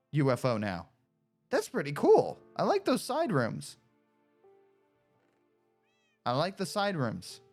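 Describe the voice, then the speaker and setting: A woman with a fairly low voice talks through a game in a casual, animated way. Her pitch swings widely as she coaxes, scolds and cheers, with faint music playing behind her. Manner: animated, talks to herself and coaxes a pet pig; excitable shouts and cheers. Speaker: gaming streamer. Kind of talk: casual gameplay commentary.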